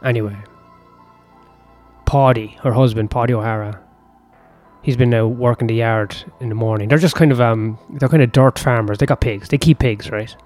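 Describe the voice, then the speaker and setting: A man's voice: mid-range voice, fairly even intonation, moderate pace, darkish tone, faint music behind. Rambling profane male storyteller. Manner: rambling, profane, self-interrupting asides. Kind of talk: improvised story narration.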